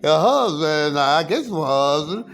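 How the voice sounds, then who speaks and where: High-voiced man rambling through his story. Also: expressive, a bit bright. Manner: halting, repetitive, frequent restarts and fillers. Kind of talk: rambling personal account.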